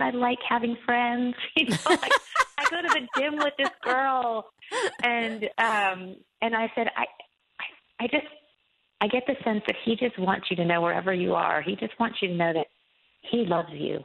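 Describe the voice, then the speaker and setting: A woman author talking as a guest on a Christian radio interview, telling a faith story in an earnest, halting way with many restarts. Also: fairly low pitch, gravelly. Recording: tinny phone line.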